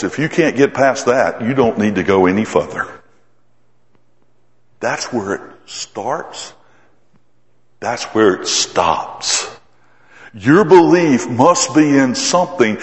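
Preaching man in an echoing hall. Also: mid-range voice. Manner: dynamic preaching, swings from loud emphasis to hushed asides. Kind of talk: sermon. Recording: echoey hall with long reverb.

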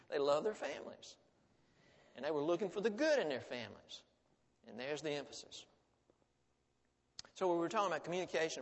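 Middle-aged man lecturing in a reverberant hall. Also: on the high side. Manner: folksy, asks the audience rhetorical questions. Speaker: family studies teacher speaking to an audience. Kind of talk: conversational lecture to a live audience.

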